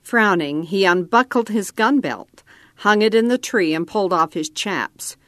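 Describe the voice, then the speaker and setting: Slow, calm woman reading a story. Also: mid-range voice, dry recording, studio quality. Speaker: narrator. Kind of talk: scripted narration.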